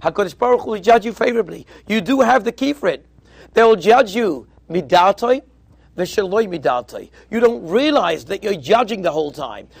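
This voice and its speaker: This rabbi's sermon to yeshiva students is built from stories, with dialogue acted out in quotes and Hebrew and Yiddish terms sprinkled throughout. His high voice is very animated with some vocal fry, at normal speed, and the recording is dry.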